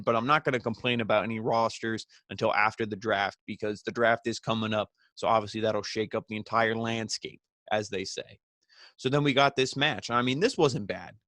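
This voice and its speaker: A man's voice: medium pitch, a bit bright, no echo. A man hosting a wrestling review, recapping the show in a casual, rambling way full of "you know" and "he's like".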